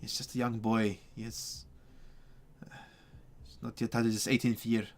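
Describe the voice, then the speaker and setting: A man voicing a gentle, troubled priest who speaks solemnly with many hesitant pauses. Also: mid-range voice, level tone, lightly acted. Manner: hesitant, solemn, faltering speech.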